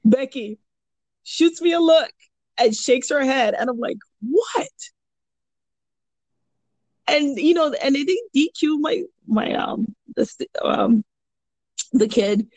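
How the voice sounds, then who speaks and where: Chatty, gravelly-voiced woman telling stories. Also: high voice, unhurried, dry recording. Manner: rambling, animated, many fillers and restarts. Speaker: jiu-jitsu purple belt and kids' coach. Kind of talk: casual podcast chat, storytelling.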